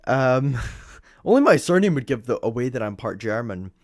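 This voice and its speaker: A man's voice: mid-range voice, sing-song, normal speed, no echo, clean studio sound. A young Scottish man giving rambling, chatty live commentary on a race session, with lots of ums and self-corrections. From Scotland. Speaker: motorsport livestream host. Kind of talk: live commentary over timing screens.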